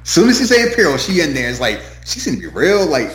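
A man's voice: a little high, huge pitch swings, quick pace, a bit bright. A man co-hosting a casual chat about a TV show, swearing freely and acting out scenes in put-on voices. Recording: roomy echo.

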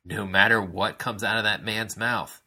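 A man co-hosting a casual podcast, speaking in a measured, slightly hesitant way. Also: lowish voice, steady tone, pushed and bright. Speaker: podcast co-host. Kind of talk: casual wrestling talk.

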